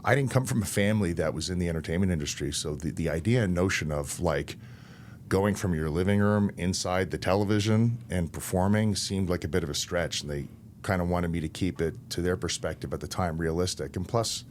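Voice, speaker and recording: Very deep-voiced man telling stories. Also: a little fast, slight background noise. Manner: relaxed anecdotal, laughs between lines. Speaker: wrestler guest. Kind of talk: casual interview storytelling.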